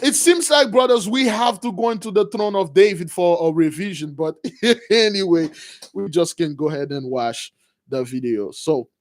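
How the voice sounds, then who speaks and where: Man with a high voice, informal religious storyteller, slangy, animated. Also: normal speed. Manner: animated, slangy, bursts of shouting. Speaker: preacher.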